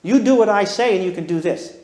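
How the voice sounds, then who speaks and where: High-voiced man lecturing in an echoey room. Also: a little fast, a little mellow. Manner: emphatic, drawn from his own life, peppered with rhetorical questions. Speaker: parenting course lecturer. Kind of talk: lecture to a live audience.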